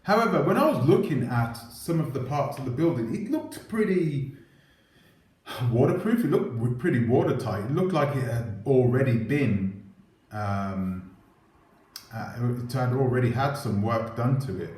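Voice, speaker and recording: A man's voice: mid-range voice, animated, measured pace, darkish tone. A man hosting his own commentary channel, talking casually to camera on a clip-on mic, rambling and asking his viewers rhetorical questions. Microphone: clip-on microphone.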